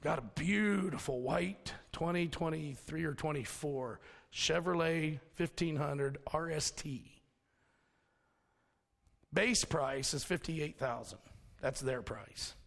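A man's voice: on the high side, slow pace, gravelly, fairly bright tone, long reverb tail. A man preaching a sermon in a folksy storytelling manner, mixing scripture with personal stories. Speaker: pastor.

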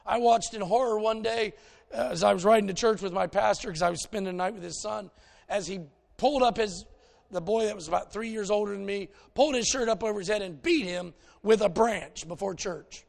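Man, preacher, conversational sermon, folksy anecdotes, high-pitched, gravelly edge. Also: brisk.

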